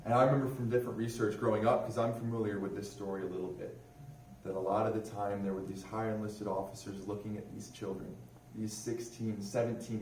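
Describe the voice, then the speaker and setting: A chatty young airman in religious affairs gives an informal history talk to a museum audience, asking them questions. His voice is low and a little mellow, picked up by a distant mic in a roomy hall with faint noise.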